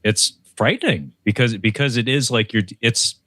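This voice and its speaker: An American man co-hosting a casual film review, talking in long rambling stretches with restarts and quick laughs. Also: medium pitch, fairly bright tone, no room sound.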